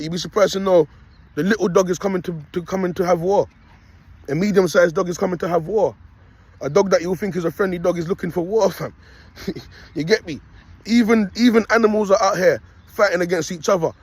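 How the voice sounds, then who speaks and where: Out walking his dog, a young self-styled prophet vlogger records a meandering sermon on his phone, repeatedly dropping "you get me" and "people." His voice sits high with a breathy edge, and there is no echo.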